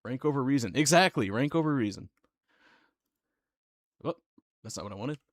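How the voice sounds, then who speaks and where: A relaxed male streamer talks casually between clips in a dry, close sound with no room around it. His voice sits at an ordinary middle pitch, and he chuckles easily while thanking his viewers. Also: moderate pace, dry recording. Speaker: streamer reacting to videos. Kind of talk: casual live-stream chat.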